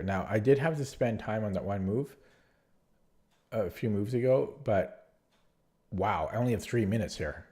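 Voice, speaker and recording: Muttering his moves hesitantly while he plays online chess, a man thinks out loud in a lowish, slightly mellow voice at normal speed, leaving long pauses. Allergies make him sound nasal and stuffed up.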